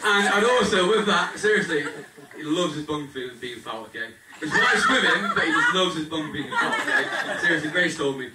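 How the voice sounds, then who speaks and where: A man's voice: fairly high pitch, lively intonation, normal speed, few pauses, very noisy. A young man giving a jokey, thankful groom's speech at his wedding and talking straight to the guests. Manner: jokey, thankful, addresses the crowd directly. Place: wedding reception hall. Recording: echoey hall, mic far off, loud crowd. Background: guests laughing and chattering.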